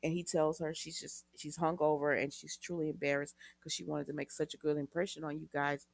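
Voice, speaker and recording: A woman's voice: sits low, little pitch movement, fairly quick, gravelly, dry recording. A woman recapping a soap opera episode in a chatty way, retelling scenes with quoted lines and asides to her viewers.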